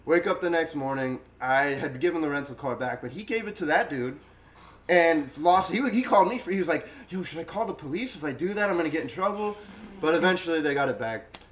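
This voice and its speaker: A young man with a slightly higher voice tells a rambling story in casual podcast chat. He acts out the other people's lines in quick bursts and laughs as he goes. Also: slight background noise. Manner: animated, acts out quotes, laughs often. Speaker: guest storyteller.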